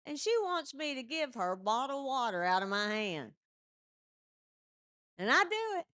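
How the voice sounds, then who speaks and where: A woman comedian telling animated stand-up stories into a stage mic and laughing at her own jokes. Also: high voice, unhurried, clean tone, no echo, studio quality.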